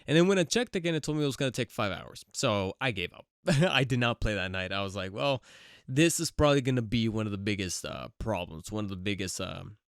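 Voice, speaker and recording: A man's voice: on the low side, expressive, brisk, clear, resonant tone, no echo, studio quality. A man hosting a podcast, chatting casually and rambling with lots of fillers and restarts, getting over a cold. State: recovering from a cold. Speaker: podcast host. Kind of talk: casual solo podcast chat.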